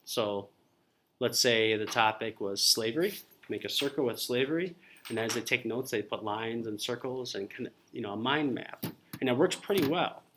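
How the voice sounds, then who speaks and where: A man's voice: medium pitch, normal speed, a bit bright, slight background noise. A man teaching a college reading class, explaining ideas informally and calling on students by name. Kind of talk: classroom lecture.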